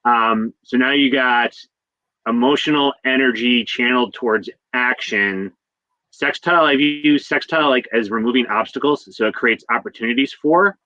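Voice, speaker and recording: A man's voice: mid-range voice, normal speed, sharp tone, dry recording, lo-fi sound. A man as a guest astrologer, explaining signs casually in a loose, rambling way.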